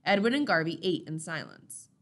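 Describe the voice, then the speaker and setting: A woman narrating a novel chapter in a steady, measured reading voice. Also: fairly low pitch. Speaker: audiobook reader.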